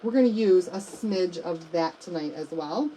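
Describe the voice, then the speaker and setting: A woman's voice: lowish voice, moderate pace, dark tone, slight background noise, rough recording. A middle-aged woman hosting a live craft demonstration, chatting to viewers as she works. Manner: chatty, addresses viewers as you guys and y'all. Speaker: craft livestream host.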